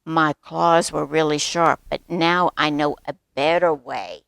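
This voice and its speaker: A woman voicing an old, patient and wise grandfather bear who speaks calmly. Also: deep voice, gravelly, dry recording, heavily acted. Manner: calm, unhurried, self-satisfied.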